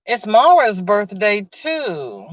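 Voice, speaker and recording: A woman chats and laughs on a casual live stream from inside her car, reading comments and greeting viewers by name. Her voice is mid-range, sing-song, and slow; the recording has no echo but sounds dull and lo-fi.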